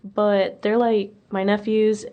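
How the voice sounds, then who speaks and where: A woman co-hosting a podcast, telling relaxed stories in casual chat. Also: medium pitch, slow, narrow, tinny audio. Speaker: podcast co-host.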